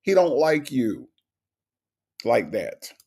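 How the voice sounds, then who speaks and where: A man's voice: mid-range voice, wildly swooping pitch, slow, darkish tone. A man hosting a casual commentary, talking bluntly and profanely and picking apart the words of a radio call. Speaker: host reacting to a radio clip.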